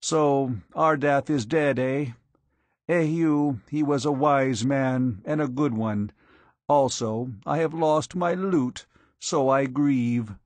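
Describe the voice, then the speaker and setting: Guy doing a dry ironic old sage, mournful, slow, close sound. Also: mid-range voice, a little mellow, no echo, close to an everyday voice. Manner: bland, dryly ironic. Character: wry mournful old male sage, bland irony.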